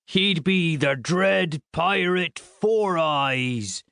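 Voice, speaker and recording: A male narrator voicing a teenage bully who puts on a slow, mocking pirate voice. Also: a little high, creaky, a bit bright, no room sound, clean studio sound, pitched above the performer's own voice, full character voice. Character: teen boy bully doing a mock pirate voice.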